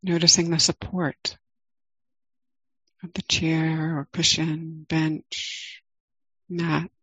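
Woman meditation teacher, calm, slow, soft-spoken, dry close sound. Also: sits low, husky, dry recording, lo-fi sound. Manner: calm, slow, gentle with long pauses. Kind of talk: guided meditation.

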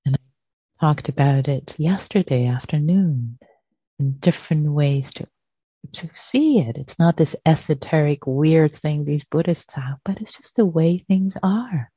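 A woman with a low, breathy voice gives a gentle dharma talk at an unhurried pace. She repeats phrases softly, like a meditation teacher. The sound is dry and close. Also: animated, dry recording.

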